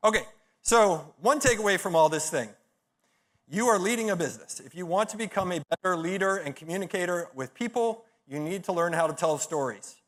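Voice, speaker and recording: A man's voice: high voice, animated, fairly quick, a bit bright. A middle-aged man giving a conference talk, telling stories in a punchy, blunt way with profane, self-mocking humor. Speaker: conference speaker.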